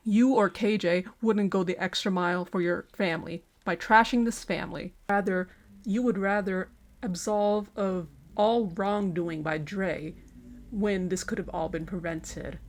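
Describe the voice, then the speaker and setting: A woman of middling pitch tears into other creators in a commentary rant. She is sarcastic and accusatory and swears freely, as if reading a prepared statement aloud. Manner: scathing, sarcastic and profane. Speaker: online commentator.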